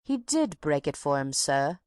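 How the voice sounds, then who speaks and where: A woman's voice: low-pitched, sing-song, measured pace, a little mellow, smooth, no echo, clean studio sound. A woman reading an audiobook, voicing a talkative older woman box-keeper who tells her tale with drama and takes offence easily. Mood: indignant. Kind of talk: audiobook character voice.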